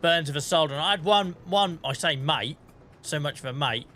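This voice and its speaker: A man in his thirties chats through a game stream, trading stories with plenty of swearing and laughter. His voice sits a little high and sounds bright and forceful, with faint music underneath. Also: moderate pace. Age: 30s. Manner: chatty, swears and laughs a lot while storytelling. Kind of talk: casual gameplay chat.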